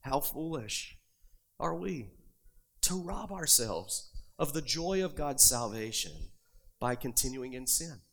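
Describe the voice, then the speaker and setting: A man's voice: mid-range voice, animated, slow pace, fairly bright tone. A man preaching a sermon, reading scripture aloud and pressing his points with rising emphasis. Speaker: pastor.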